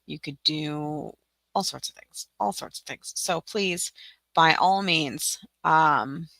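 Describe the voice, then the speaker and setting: A woman's voice: low-pitched, takes it slowly, vocal fry, fairly bright tone, no room sound. A woman from Tennessee hosting a casual livestream tutorial, chatty and giggly, rambling with lots of fillers. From Tennessee, USA. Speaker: livestream host.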